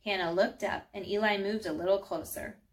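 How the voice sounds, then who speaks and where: A woman reads a children's storybook aloud in an expressive, animated way. Her voice sits in an ordinary middle range and she shapes each sentence for young listeners. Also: mid-range voice, brisk. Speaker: storybook reader.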